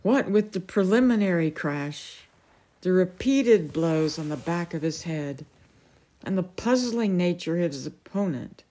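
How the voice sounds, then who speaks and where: A woman reading a novel aloud as a storyteller, measured and unhurried. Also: fairly low pitch, lively intonation, dark tone.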